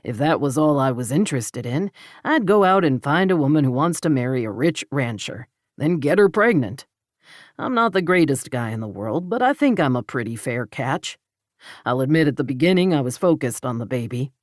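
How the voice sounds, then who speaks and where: A woman voices an earnest rancher, producing a man's voice that is mid-range, animated and normal in speed. The performance is lightly acted, with clean studio sound and no room sound.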